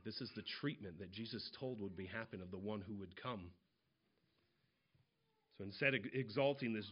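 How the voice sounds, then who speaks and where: Lower-voiced man preaching a sermon. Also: highs cut off. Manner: conversational expository preaching, retelling parables in casual voices.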